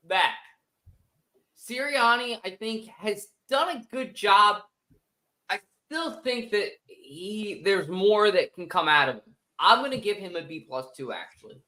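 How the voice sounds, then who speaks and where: A man's voice: high-pitched, pushed and bright, poor audio. A man co-hosting a sports podcast, joking and opinionated in casual chat. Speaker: podcast co-host.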